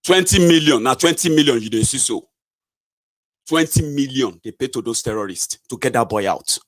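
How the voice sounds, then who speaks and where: A man's voice: medium pitch, expressive, normal speed. A Nigerian man giving a combative, sarcastic political rant, scolding his viewers directly. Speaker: political commentator. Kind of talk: angry solo political rant.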